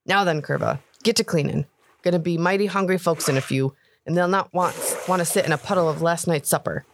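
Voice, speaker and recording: A woman doing a gruff, world-weary pirate cook. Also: lowish voice, fairly quick, background noise, lightly acted. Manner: drawling, world-weary, turns menacing. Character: gruff middle-aged male pirate ship cook.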